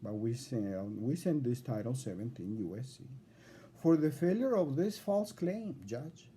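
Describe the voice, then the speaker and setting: A man's voice: mid-range voice, expressive, measured pace, mellow. A man recording a video in which he speaks straight to a judge, in an indignant, lecturing way and often repeating himself. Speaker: self-represented litigant addressing a judge.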